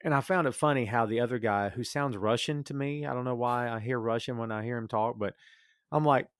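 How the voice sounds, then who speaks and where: A man in casual podcast chat about a film, lively and talkative, often jumping into playful quoted reactions. His voice sits in a middle register. The sound is dry and close, with no room around it. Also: medium pitch, brisk, clear, resonant tone, no room sound. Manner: animated, acts out reactions in quoted asides. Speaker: podcast co-host. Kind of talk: casual movie review chat.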